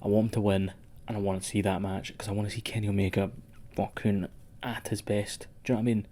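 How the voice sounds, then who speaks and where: A man's voice: lowish voice, level tone, fast, warm tone, slight background noise. A man co-hosting a wrestling podcast in sweary, rambling casual chat. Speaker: podcast co-host.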